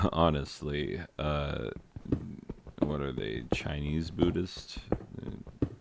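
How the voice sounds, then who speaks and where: A very low, gravelly American man talks slowly through a meandering gaming commentary. He wanders from aside to aside with plenty of fillers. Steady background noise and clicks sit under the voice. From United States. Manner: rambling, joking asides, frequent fillers. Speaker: gaming channel host. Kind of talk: rambling commentary while playing a video game.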